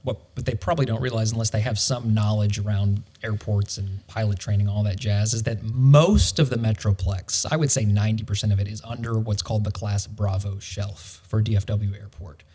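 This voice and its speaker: Wry realtor telling stories. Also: male voice, on the low side, fairly even intonation, brisk, few pauses, mellow, husky. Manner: wry, storytelling, dry humor. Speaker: realtor guest. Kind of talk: casual podcast chat.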